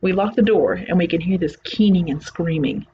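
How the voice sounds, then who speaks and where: At a moderate pace, a storyteller with a mid-range voice reads a creepy story narrated in the first person, sounding casual and unadorned. Hiss runs faintly under the slightly muffled home recording.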